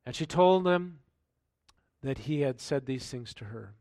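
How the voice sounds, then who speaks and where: After reading scripture aloud, a male pastor comments in a relaxed, talky way during his sermon, often asking rhetorical questions. He speaks at a measured pace with a medium pitch, and the recording is dry.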